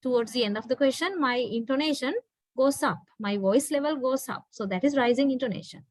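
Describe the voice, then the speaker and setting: Sri Lankan woman lecturer, fairly high voice, dry close sound, patient and explanatory, keeps asking "right?". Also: a little fast, darkish tone, no echo, rough recording. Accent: Sri Lankan English. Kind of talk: online university lecture.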